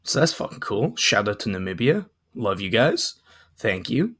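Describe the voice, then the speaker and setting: A man co-hosting a sex and dating podcast in casual chat, talking in a relaxed, rambling way with a croaky morning voice. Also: fairly low pitch, normal speed. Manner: relaxed, rambling, frequent fillers. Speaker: podcast co-host.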